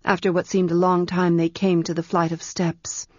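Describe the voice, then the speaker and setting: A woman narrating a story in a measured, quiet storytelling manner. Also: on the low side, level tone, dry recording, lo-fi sound. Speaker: audiobook narrator.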